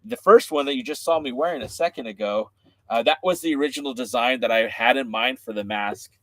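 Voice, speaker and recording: A man hosting a wrestling podcast in a casual livestream, excitable and joking as he chats with viewers' comments. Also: mid-range voice, brisk, dry recording.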